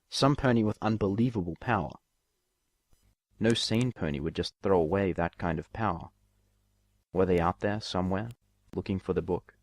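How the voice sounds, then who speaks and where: A man's voice: on the low side, no room sound, clean studio sound. A man reading a fan fiction story aloud as narrator. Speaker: story reader.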